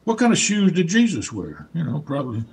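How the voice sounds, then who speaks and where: A man with a Southern US accent talks in a husky, somewhat high voice. He tells stories loosely, circling back and repeating words as he restarts his sentences. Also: huge pitch swings, a little fast. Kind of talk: casual storytelling conversation.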